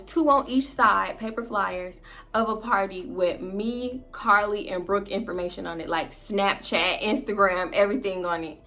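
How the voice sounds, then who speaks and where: A young woman vlogger casually telling a story to her viewers, animated and slangy, swearing freely. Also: mid-range voice.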